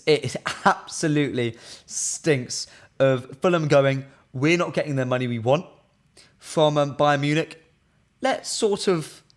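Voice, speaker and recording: Chatty, opinionated male football streamer. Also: mid-range voice. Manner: chatty, opinionated, frequent fillers. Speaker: football fan channel presenter. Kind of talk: live-stream football chat, reading viewer comments.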